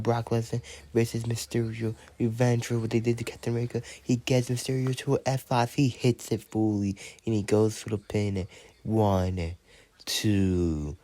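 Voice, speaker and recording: Low, flat-voiced sick man calling wrestling. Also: no echo. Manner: counts pins aloud and announces winners. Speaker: wrestling commentator. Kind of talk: play-by-play commentary.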